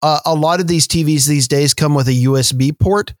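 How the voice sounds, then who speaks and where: A man's voice: on the high side, fairly quick. A podcast co-host with a slightly raised voice tells his stories in a rambling way, full of restarts and dry asides. The sound is close and dead, with no room echo. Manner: storytelling with many restarts and fillers, wry jokes. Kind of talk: casual podcast chat.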